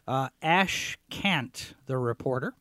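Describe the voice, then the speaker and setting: A man hosting a talk show, giving sarcastic commentary as he reads out headlines, often clearing his throat and restarting his sentences. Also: medium pitch, lively intonation, takes it slowly, pushed and bright, dry recording, clean studio sound. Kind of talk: opinionated commentary, reading headlines.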